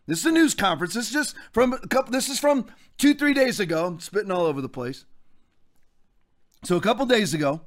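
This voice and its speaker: High-voiced man ranting as a podcast host. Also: a bit bright. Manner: fired-up, ranting, preacher-like delivery. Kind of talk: heated podcast commentary.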